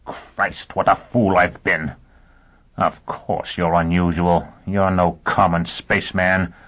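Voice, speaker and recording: A man's voice: sits low, level tone, measured pace. A man voicing a furious, suspicious male interrogator who accuses and threatens. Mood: menacing. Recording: tinny lo-fi phone-like audio.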